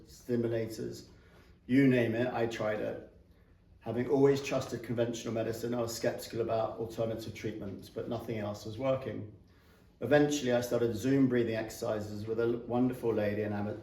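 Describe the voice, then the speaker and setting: British man, flat speech voice, echoey room. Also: fairly low pitch, vocal fry, recorded from a distance. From Britain. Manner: earnest, with light self-mocking laughs. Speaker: patient giving a graduation speech. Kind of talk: read-out thank-you speech. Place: clinic room with a small audience.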